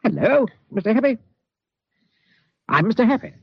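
A man voicing a cheerful, fat, round little man who talks briskly. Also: extremely high pitch, big pitch swings, creaky, breathy edge, dry recording, voice pushed up, full character voice. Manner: brisk, bossy. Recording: muffled recording with soft music.

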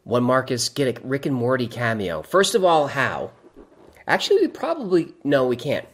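A man's voice: mid-range voice, very animated, normal speed. Wry man hosting a casual livestream. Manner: wry, rambling asides, laughs at his own jokes. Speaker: livestream host reading chat.

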